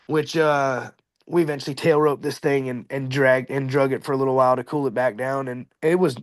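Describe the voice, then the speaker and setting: A man's voice: medium pitch, dry recording. A man telling a fishing story in a casual, rambling, slangy way.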